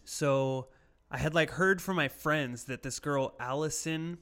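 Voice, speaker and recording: A man's voice: on the high side, a little slow, a bit bright, smooth. A young American man chatting casually on a podcast, telling school stories with lots of swearing and laughter. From United States. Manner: profane, laughing storyteller. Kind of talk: casual chat.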